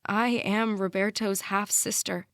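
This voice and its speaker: A woman's voice: medium pitch, flat delivery, measured pace, fairly bright tone, dry recording. A woman narrating a young adult novel in the first person, earnest and intimate, on a close mic. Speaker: audiobook narrator.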